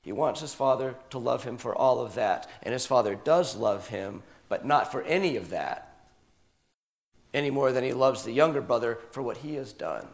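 A man preaching a sermon, telling a story with animated delivery and drawing answers from listeners. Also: mid-range voice, normal speed. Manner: animated storytelling, acts out quoted voices.

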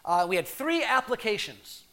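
Male pastor, 50s, bright tone, reflective storytelling sermon. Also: high voice, sing-song. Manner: reflective, measured, with pauses.

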